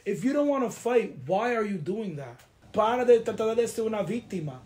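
A woman's voice: fairly high pitch, a little fast. A young woman from the East Coast hosts a casual chat show. She argues in a heated, confrontational way, firing off questions and dropping into Spanish now and then. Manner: confrontational, animated, mixes in Spanish phrases. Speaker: podcast host.

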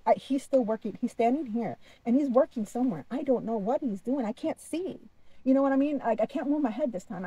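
A woman tells a story to camera in a casual, dramatic way, repeating phrases as she goes. Her voice sits a bit high yet sounds very dark, with a husky, breathy edge. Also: dry recording, low-quality recording. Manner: dramatic, animated, repeats herself.

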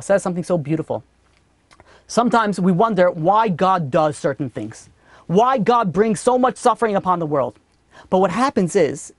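A man's voice: high voice, dry recording. Man, rabbi, torah lecture, storytelling, dry close sound. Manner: storytelling, rising with emphasis on key points.

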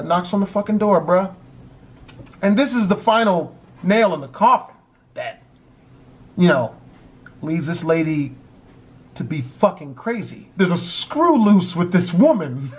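A man telling a story in a casual, profane and animated way. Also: high voice, unhurried.

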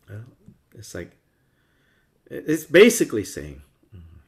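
A man teaching a Buddhist class in a conversational way, often acting out the views he discusses with playful voices. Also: medium pitch. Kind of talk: dharma class lecture.

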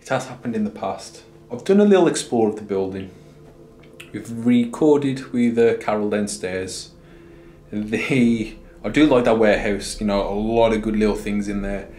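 A man's voice: fairly low pitch, moderate pace, slight background noise. Breathless man exploring a haunted building. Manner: excitable, swears when startled. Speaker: paranormal investigator host. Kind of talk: casual vlog narration. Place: old building, indoors.

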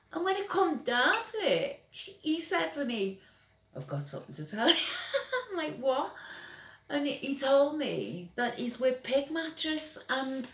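A woman's voice: a little high, fairly bright tone. A middle-aged woman from England, ranting bluntly and with lots of swearing, often stumbling over and repeating her words. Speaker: vlogger. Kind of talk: angry personal rant. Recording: echoey room.

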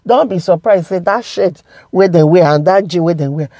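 A woman's voice: lowish voice, normal speed, mellow, dry recording, studio quality. A woman with a Nigerian accent talking to her viewers about celebrity gossip, emphatic and repeating words for stress. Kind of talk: casual commentary to viewers.

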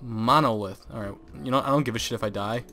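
A man's voice: mid-range voice, quick pace, bright, forceful tone, faint music behind. A young man narrating his gameplay into a desk microphone, exasperated and profane, often swearing and laughing at what happens. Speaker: gaming video host. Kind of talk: let's play commentary. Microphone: desk microphone, close.

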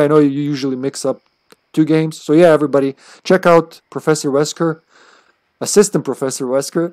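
A man's voice: medium pitch, warm tone, dry recording, studio quality. A man streaming a video game live, chatting casually in a rambling way and chuckling often between thoughts. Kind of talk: casual live-stream chat while playing.

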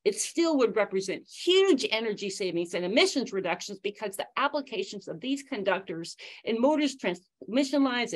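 A woman reading upbeat prepared remarks to announce prize winners in an online event. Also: medium pitch. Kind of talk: scripted webinar announcement.

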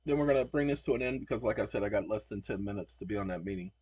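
Combative husky man lecturing. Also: on the low side, racing, darkish tone, dry recording. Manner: combative, lecturing, spells words out letter by letter. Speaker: channel host. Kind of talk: commentary on screen recording.

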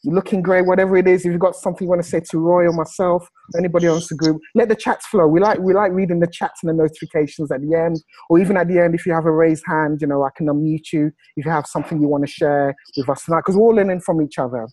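A man hosting a video call, enthusiastic and salesy, slowing down to stress his points. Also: a little high, steady tone, darkish tone, dry recording, low-quality recording. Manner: enthusiastic, salesy, slows down for emphasis. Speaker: host.

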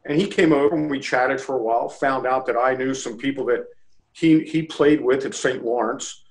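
A man's voice: medium pitch, normal speed, rough recording. A man guest in a casual interview, from the Baltimore area, telling a story and acting out quotes. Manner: animated storyteller, acts out quotes. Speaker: interview guest, lacrosse official.

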